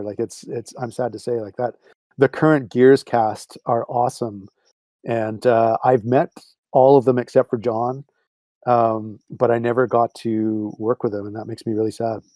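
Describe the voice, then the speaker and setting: Canadian man, game composer, interview guest; warm, rambling, eager, dry close mic. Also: mid-range voice, dry recording. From England, Cornwall. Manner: enthusiastic, rambling, laughs often. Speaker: video game composer and voice director. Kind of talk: casual interview chat.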